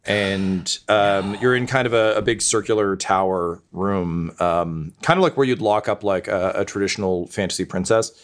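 Game master, male, low voice, loose joking narration full of "like" and "uh". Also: moderate pace, few pauses. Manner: loose, filler-heavy, joking.

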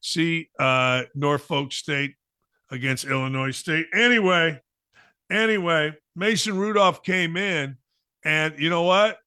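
A man's voice: a little high, slow, bright, forceful tone, clean tone, no room sound, clean studio sound. A man hosting a sports talk show, giving an opinionated monologue with emphatic repetition and mocking asides.

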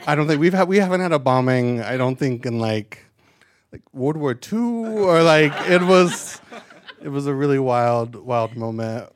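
A man's voice: medium pitch, animated, moderate pace, a little hiss or hum. A man doing a stand-up comedy set on a live stage into a handheld mic, chatty and self-deprecating with lots of asides.

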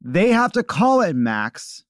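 A man hosting a podcast, delivering a loud, mock-furious comic rant full of swearing. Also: high voice, sing-song, slow pace, dry recording, clean studio sound. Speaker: podcast host.

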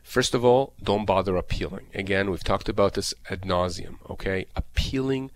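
A deep-voiced man at normal speed, a disability lawyer guest expert, explains disability insurance claims on a call-in advice show. His delivery is emphatic, repetitive and full of fillers, and a little hiss or hum is audible.

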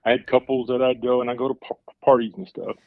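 A man's voice: mid-range voice, flat delivery, fast, no echo. A man with a West Texas accent, calling in to a podcast and chatting in an easygoing, slightly hesitant way. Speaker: caller. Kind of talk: casual interview chat. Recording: dull lo-fi line.

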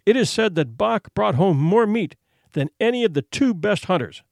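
Storybook boy hunter, proud and solemn as a male narrator reads him, in a lively, fairly high voice, dry close sound. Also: normal speed, vocal fry, dry recording. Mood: solemn defiant. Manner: formal old-fashioned solemn speech.

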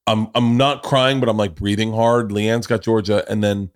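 A man hosting a podcast, telling a story in a loose, animated, profane way. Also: lowish voice, normal speed, clear, resonant tone. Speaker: podcast host. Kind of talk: casual comedic storytelling.

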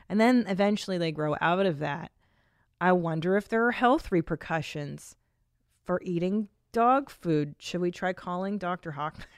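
A woman's voice: lowish voice, smooth, no echo, studio quality. A woman hosting a comedy podcast, chatting loosely and profanely and reading out listener messages with laughs. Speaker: podcast host.

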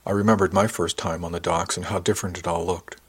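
Low, husky male audiobook narrator. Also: little pitch movement, fast. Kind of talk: first-person audiobook narration.

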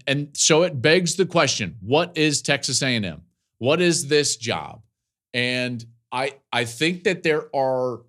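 A man in his forties, a college football analyst, giving podcast commentary with animated storytelling and laughing asides. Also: medium pitch.

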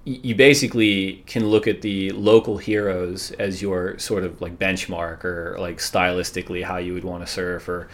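Middle-aged socal surf guy, low voice, lots of likes and restarts, just chatting. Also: fairly even intonation, moderate pace, few pauses. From Southern California. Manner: rambling, many fillers and restarts. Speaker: surf league executive, guest. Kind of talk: casual podcast chat.

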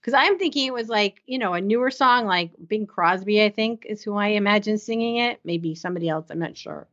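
A woman's voice: medium pitch, brisk, fairly bright tone. A woman co-hosting a podcast, chatting enthusiastically and laughing often. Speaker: podcast co-host. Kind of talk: casual recap chat. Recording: slightly dull lo-fi sound.

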